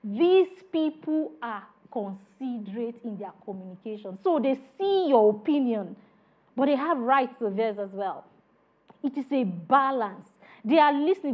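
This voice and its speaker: A woman training customer service staff in a classroom lecture, animated and repeating "all right" as she acts out exchanges with customers. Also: high voice. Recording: dull lo-fi classroom recording.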